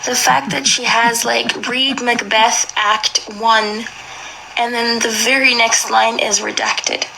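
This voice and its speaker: A woman's voice: fairly high pitch, little pitch movement, takes it slowly, creaky, bright, forceful tone, a little hiss or hum, low-quality recording. A young woman reading aloud and reacting emotionally, with many exclamations and slang.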